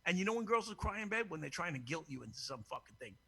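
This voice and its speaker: A man hosting a crude, casual call-in show, brash and profane and quick to laugh. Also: a little high, very animated, creaky, bright, forceful tone, husky. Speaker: host.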